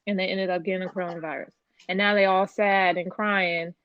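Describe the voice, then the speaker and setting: A woman's voice: mid-range voice, flat delivery, fairly quick, clean tone, dry recording. A woman co-hosting a casual podcast chat, blunt and exasperated, swearing freely. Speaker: podcast co-host. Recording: slightly dull lo-fi sound.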